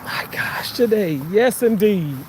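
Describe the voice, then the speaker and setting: A rambling, foul-mouthed vlogger walks a city sidewalk and talks to viewers through a handheld phone. The pitch swings widely and the delivery is slow and drawn out. Clear street noise sits behind the voice. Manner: profane, excitable, bursts into sung snippets and laughter. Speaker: vlogger streaming on a walk. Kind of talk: rambling casual commentary to viewers. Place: outdoors on a street sidewalk with trees and cars. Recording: noisy outdoor street recording.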